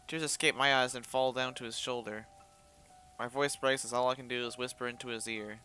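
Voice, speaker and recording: A man's voice: mid-range voice, fairly even intonation, brisk, pushed and bright, faint music behind. Man reading a game story aloud. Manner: reads expressively, stumbles and restarts, breaks off with sworn reactions. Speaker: player reading a visual novel aloud. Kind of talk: dramatic first-person story reading with asides.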